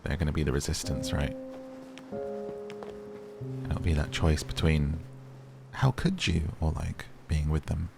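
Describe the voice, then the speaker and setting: A man's voice: extremely low pitch, flat delivery, a little slow, gravelly, long pauses. A man casually commenting while playing a story game and reading its lines aloud. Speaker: gaming video host. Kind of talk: let's play commentary. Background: game music.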